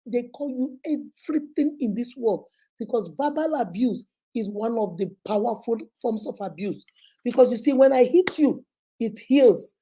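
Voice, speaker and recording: Emphatic Nigerian woman hosting a motivational advice talk, mellow tone. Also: on the high side, lively intonation, moderate pace, slightly rough. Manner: emphatic and repetitive, preacher-like. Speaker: relationship advice host.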